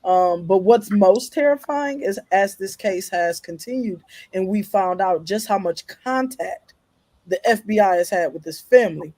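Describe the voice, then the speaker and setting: A parent on a podcast panel speaking earnestly and haltingly, with frequent fillers. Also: mid-range voice, lively intonation, a little mellow, no room sound.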